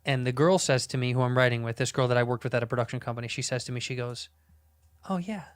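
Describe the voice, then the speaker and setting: A man's voice: mid-range voice, fast talker, clear, resonant tone, dry recording, studio quality. A male comedian on a podcast telling a profane story in a casual way and acting out the people in it. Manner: animated, profane, acts out the people in his stories.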